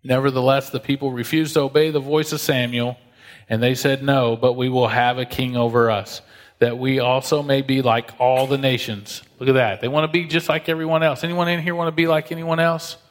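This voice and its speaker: A man preaches a conversational sermon in a mid-pitched voice. He reads scripture aloud and acts out God's voice. Long reverb from a large hall trails each phrase. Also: flat delivery, fairly quick. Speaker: pastor.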